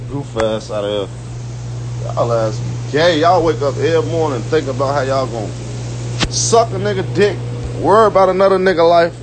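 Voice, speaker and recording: A young man with a Chicago accent ranting on a phone live stream, boastful and loud, swearing and breaking into shouted chants. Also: fairly high pitch, lively intonation, normal speed, background noise. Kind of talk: casual live-stream rant.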